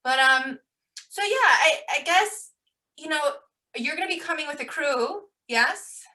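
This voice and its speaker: A woman interviewing a runner in a casual way, chatty and quick to giggle, often restarting her sentences. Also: high-pitched, expressive, sharp tone.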